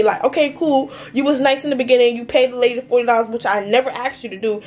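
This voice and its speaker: A young woman tells a story to her vlog camera, fired up and swearing constantly. Her voice sits a little higher than most, and her rant is full of "like" and "mind you.". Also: steady tone, fast, hardly any pauses, darkish tone. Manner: heated, profane ranting with lots of "like" and "mind you". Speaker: vlogger.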